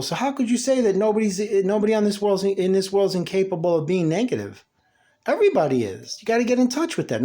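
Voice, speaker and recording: A man's voice: sits high, dark tone. A man giving a blunt, scolding motivational monologue, talking down excuses and self-pity. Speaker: motivational speaker.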